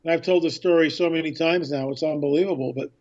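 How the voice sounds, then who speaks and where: A man guesting on a radio interview as an author and filmmaker, telling a story with excitement and acting out past conversations. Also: on the high side, quick pace, highs cut off.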